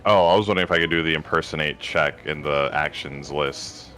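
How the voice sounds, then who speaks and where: A man's voice: very deep voice, fairly quick, pushed and bright, soft background music. A man playing in a tabletop game, chatting casually and hedging his words in a laid-back way. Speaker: player.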